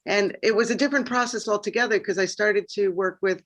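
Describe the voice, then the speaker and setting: A woman's voice: mid-range voice, a little fast. A woman artist explaining her painting process in a thoughtful, explanatory way over a video call. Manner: thoughtful, explanatory, many fillers. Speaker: painter in the exhibition. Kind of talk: casual video-call discussion.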